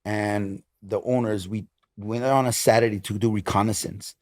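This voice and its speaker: A man in his fifties from Hawaii, a DJ and club promoter, speaks with a Hawaiian English accent in a fairly low voice at normal speed. As a guest in a casual interview, he tells stories in a lively, emphatic, animated way.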